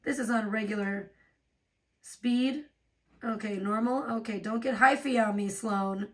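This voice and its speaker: A woman's voice: mid-range voice, measured pace, far from the mic. A woman hosting a livestream, ranting in a profane, rambling way and laughing often. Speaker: livestream host. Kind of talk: casual livestream rant.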